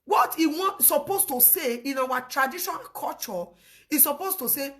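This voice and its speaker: A woman with a Nigerian accent giving casual, laughter-filled commentary, telling a story with lively energy. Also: high voice, moderate pace.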